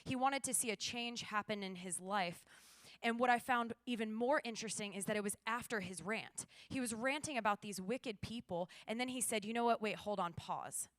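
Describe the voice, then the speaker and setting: Casting: young woman church speaker, animated storyteller, smooth clear voice, dry close mic. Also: fairly high pitch, moderate pace, dry recording. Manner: animated storyteller, acts out dialogue. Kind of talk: morning devotional talk.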